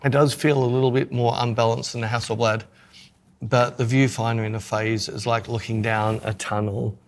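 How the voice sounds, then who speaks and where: A man's voice: mid-range voice, little pitch movement, normal speed. A man co-hosting a podcast in casual chat, joking and self-mocking as he talks through his photography gear.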